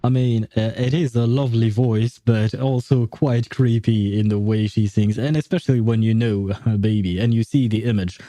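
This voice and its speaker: A man's voice: fairly low pitch, fairly even intonation, moderate pace, few pauses, mellow, no room sound. A man live-streaming games, chatting casually with viewers in a rambling, hesitant way, full of fillers and chuckles. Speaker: game streamer.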